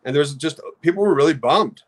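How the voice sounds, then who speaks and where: A middle-aged man talking casually on a podcast about customer service, halting often with restarts. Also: fairly high pitch, slightly rough. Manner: halting, many restarts, storytelling with acted quotes. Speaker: card company customer experience head. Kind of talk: casual podcast talk with slides.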